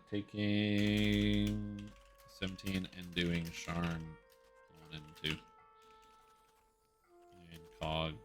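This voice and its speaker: A man chatting casually while he streams a game, rambling along with joking asides. His low voice has a very bright, forceful edge. Faint game music plays behind him. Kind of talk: casual chat while playing.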